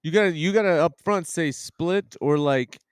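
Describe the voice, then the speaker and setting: Teasing man with a higher voice. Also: normal speed, clear, resonant tone, no echo, studio quality. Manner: skeptical, needling, teasing. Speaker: comedian podcast co-host. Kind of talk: casual chat.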